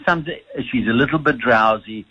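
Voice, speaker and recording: South African man, husky voice, muffled lo-fi line, halting, repeats himself. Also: medium pitch, sharp tone. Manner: hesitant, repeats words often. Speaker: sleep doctor guest. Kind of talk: radio phone-in interview.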